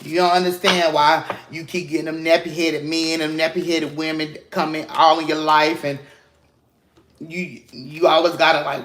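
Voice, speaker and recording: A man's voice: a little high, level tone, moderate pace, fairly bright tone. A man giving a casual spiritual tarot reading to his viewers. He is emphatic and preachy, curses freely and calls them "baby" and "y'all". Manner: emphatic, preachy and encouraging, with cursing slang. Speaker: tarot reader.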